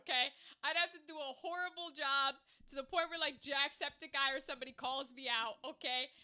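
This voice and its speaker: A woman's voice: high voice, sharp tone. A woman streamer chatting casually to her stream, rambling and swearing freely. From Irish background. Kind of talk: casual chat to a live stream.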